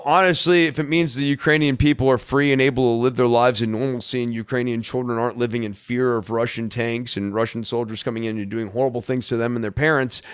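A man's voice: medium pitch, clear, resonant tone. A man hosting a podcast, giving solo political commentary in a blunt, sarcastic way, thinking aloud with frequent fillers and restarts. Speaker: podcast host.

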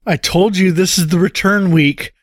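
A man hosting a casual podcast, playful and often chuckling. His voice is mid-pitched and recorded dry and close, with no room sound. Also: fairly even intonation, normal speed, dry recording. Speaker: podcast host.

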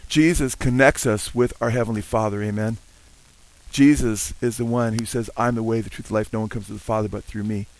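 A man's voice: on the low side, fairly even intonation, a little fast, low-quality recording. An older man preaching a sermon, earnest and full of amens, now and then singing hymn lines. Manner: earnest, warm-hearted preaching with frequent amens; sings hymn lines between teaching. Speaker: pastor.

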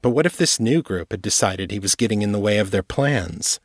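A man reading his own novel aloud in steady, measured audiobook narration. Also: on the low side, no echo, studio quality.

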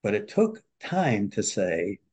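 A man with a mellow, slightly husky voice tells a client story as a podcast guest. He is an earnest storyteller who acts out the quotes, lifting or dropping his voice for each person. He is a marriage and family therapist. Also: on the low side, huge pitch swings, slow pace.

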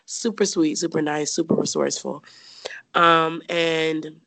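A woman's voice: low voice, flat delivery, unhurried, gravelly, a bit bright, dry recording. A young woman from the United States casually telling a personal story as an interview guest, chatty, with many fillers and frequent laughs.

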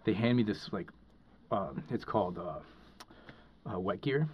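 A man's voice: lowish voice, unhurried, slight background noise. A man, a podcast guest, telling a story in casual, rambling talk full of fillers and restarts. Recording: dull lo-fi recording.

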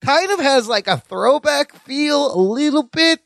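High-voiced wry man, dry sound. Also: animated, unhurried, vocal fry, fairly bright tone, dry recording. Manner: wry, teasing, casual swearing. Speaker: podcast co-host. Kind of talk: casual movie review chat.

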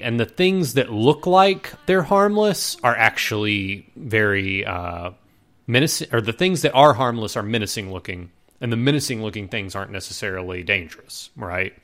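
A man co-hosting a casual podcast chat, talking in a relaxed way with many fillers and restarts. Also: medium pitch. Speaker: podcast co-host.

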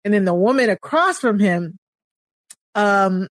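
A woman co-hosting a podcast, retelling scenes with amused, animated energy and frequent laughter. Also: mid-range voice, a little slow, no echo. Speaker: podcast co-host. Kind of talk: casual podcast discussion.

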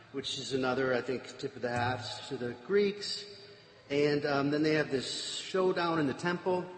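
A man retells a scripture story in a chatty way, full of wry asides. His pitch is fairly high and swings a lot. It rings out in an echoey hall with long reverb and faint room noise behind. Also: fairly bright tone.

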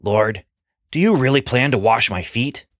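A man's voice: mid-range voice, lively intonation, normal speed, fairly bright tone, no room sound, clean studio sound. A man voicing an impulsive, earnest adult male disciple in a storybook reading, speaking in an emphatic, blurting way. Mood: puzzled.

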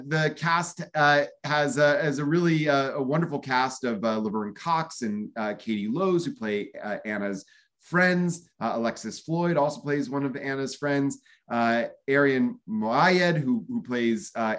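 A man hosting a casual review chat, talking in halting phrases full of fillers and restarts. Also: medium pitch. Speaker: podcast host.

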